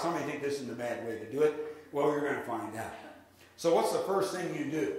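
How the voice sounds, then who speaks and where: A man giving a live sales seminar, lively and drilling the audience in call-and-response. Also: medium pitch, fairly quick. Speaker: real estate sales trainer. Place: large room with an audience. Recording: echoey hall with faint noise.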